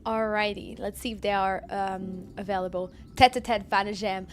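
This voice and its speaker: A woman's voice: medium pitch, flat delivery, moderate pace, a little hiss or hum. A young adult woman from France with a French accent, chatting casually on a live stream, reading chat aloud and laughing often.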